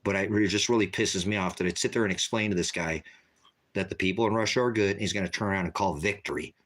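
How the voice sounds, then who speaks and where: A man preaching on a livestream, ranting forcefully and repeating himself. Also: low voice, fast. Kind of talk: heated livestream rant.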